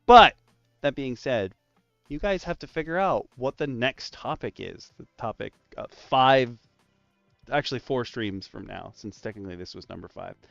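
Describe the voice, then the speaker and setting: Guy hosting a dnd stream, lively and laughy, kinda dull audio. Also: mid-range voice, moderate pace, gravelly, no room sound. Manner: laughs often, animated storytelling. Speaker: host of a tabletop game roundtable stream. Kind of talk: casual chat. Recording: slightly dull lo-fi audio, faint music.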